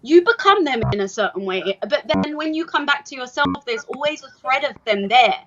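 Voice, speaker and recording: A woman's voice: high-pitched, animated, brisk, fairly bright tone, faint music behind. A woman actor giving an earnest, reflective panel answer, full of "like" fillers, over a video call. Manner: earnest, heavy use of "like". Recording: dull lo-fi call with background noise.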